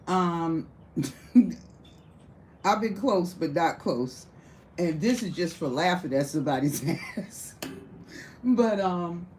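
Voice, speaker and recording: Woman, lower register, spinning a bawdy anecdote with big laughs over faint room noise. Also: poor audio. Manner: profane, animated, laughs through the story. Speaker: storyteller. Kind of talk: casual storytelling to a small audience.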